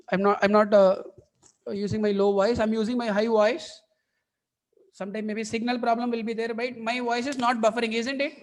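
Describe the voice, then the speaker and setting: A woman's voice: fairly high pitch, a little mellow. A woman with an Indian English accent teaching a chemistry class online, repeating points and often checking whether students follow. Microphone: video call mic.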